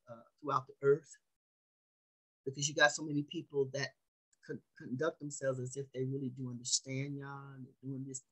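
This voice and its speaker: A woman's voice: very deep voice, breathy edge, rough recording. A woman preaching a sermon, speaking emphatically, repeating phrases for weight and putting questions to her listeners.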